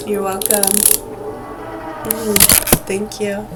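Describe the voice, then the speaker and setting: A woman's voice: mid-range voice, little pitch movement, extremely slow, rough recording. A woman in her forties talking casually to camera, blunt and profane, slipping into agitated rants. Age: 40s. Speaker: vlogger. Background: music playing.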